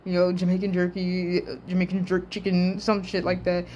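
There's a little hiss or hum behind this fairly low-pitched woman, who speaks at a moderate pace. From the southern United States, she rambles through casual reaction commentary, cursing freely, laughing, stuttering, and staying animated.

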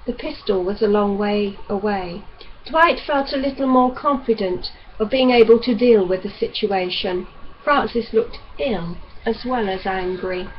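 A woman reads a novel aloud in an even, unhurried manner, her voice sitting in the middle of the range. The recording sounds dull and lo-fi, with a faint hiss underneath. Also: mid-range voice. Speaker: audiobook reader.

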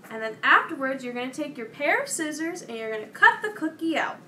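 A young woman presenting a children's program, reading a storybook and giving craft instructions in a slow, clear, kid-directed way. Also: high-pitched, very animated, pushed and bright. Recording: distant mic with faint noise.

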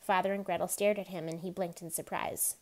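A woman reading chapters of a novel aloud in a steady, even narration. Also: fairly low pitch, brisk. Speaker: reader.

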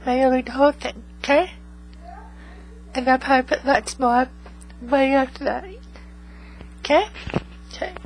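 A woman's voice: sits high, measured pace, pauses often, a little hiss or hum, low-quality recording. A woman vlogging in casual chat to her viewers, rambling and tagging most remarks with 'okay?'. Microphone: USB microphone.

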